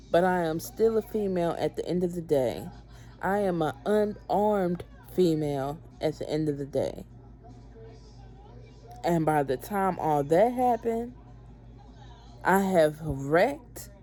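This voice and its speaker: A woman's voice: on the low side, expressive, slow, long pauses, dark tone. A woman telling a personal story for a vlog in a blunt, profane, emphatic way. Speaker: vlogger, mother.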